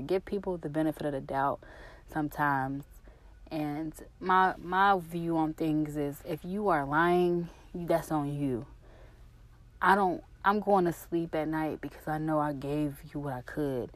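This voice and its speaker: A woman with a notably low voice talks straight to her camera in a loose, personal vlog. She rambles, gets emotional and swears freely, and sounds like a young adult. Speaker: vlogger. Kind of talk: casual personal vlog talk.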